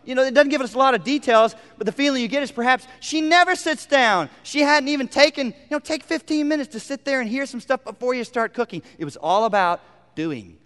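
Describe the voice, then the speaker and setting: A male pastor preaching a sermon, moving from loud emphasis to hushed, almost whispered lines. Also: very high voice, brisk, big-room sound.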